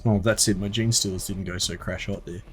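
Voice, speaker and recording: A young Australian man giving casual, excitable gameplay commentary, swearing and talking back to the units on screen. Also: deep voice, a little fast, soft background music. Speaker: gameplay streamer.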